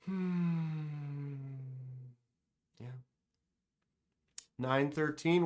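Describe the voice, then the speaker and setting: A man hosting a casual live stream, joking around and talking straight to his chat with quick exclamations. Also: a little high, expressive, fairly bright tone, slight background noise. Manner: playful, joking, talks to chat directly; exclaims short interjections. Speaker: livestream host.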